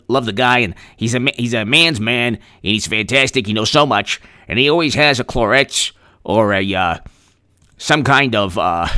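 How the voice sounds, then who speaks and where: Bright-voiced man doing sarcastic political commentary. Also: medium pitch. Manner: sarcastic, rambling, with frequent restarts. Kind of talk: live-streamed political commentary, reading news and thanking chat.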